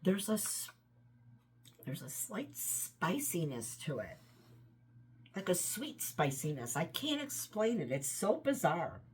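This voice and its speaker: A woman's voice: fairly low pitch, sing-song, slow pace, slightly rough. A woman casually reviewing wax scents, rambling and enthusiastic, trailing off often, her voice tired and run down. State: voice tiring, run down. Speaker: home fragrance vlogger.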